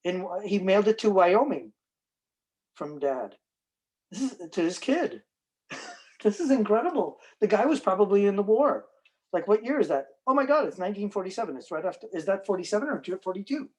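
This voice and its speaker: Excitable New man hosting. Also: sits high, fairly quick, low-quality recording. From New York City. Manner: excitable, joking, chatty storyteller. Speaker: antiques museum host. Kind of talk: casual chat during an unboxing.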